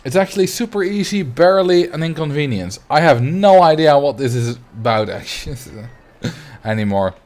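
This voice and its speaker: A man's voice: a little high, expressive, normal speed, darkish tone. A young man from the Netherlands, chatting casually on a game livestream, laughing often and muttering to himself as he builds. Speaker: game streamer.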